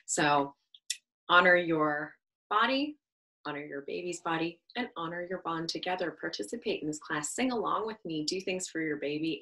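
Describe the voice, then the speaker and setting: A woman yoga instructor leading a baby yoga class for caregivers, talking in a gentle, encouraging, reassuring way with small laughs. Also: low-pitched, creaky, rough recording. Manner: chatty, with fillers and small laughs.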